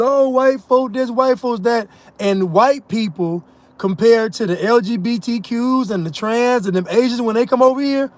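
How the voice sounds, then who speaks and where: Male commentator, high-pitched, mocking monologue with scoffing laughs. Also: dry recording. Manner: emphatic, mocking, laughs at his own points. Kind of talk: ranting monologue.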